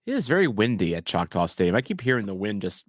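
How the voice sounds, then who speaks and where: Animated man in a match watch-along. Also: lowish voice, fast talker, no echo, clean studio sound. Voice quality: animated, jokey, shouts at near-misses. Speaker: streamer reacting to a live match. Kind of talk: casual watch-along commentary.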